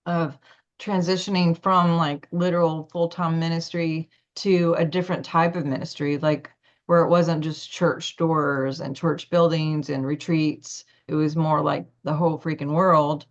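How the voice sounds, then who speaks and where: A woman's voice: low voice, little pitch movement, unhurried. A woman guest telling a personal spiritual story in a rambling way, full of "like" and restarts. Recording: muffled lo-fi recording.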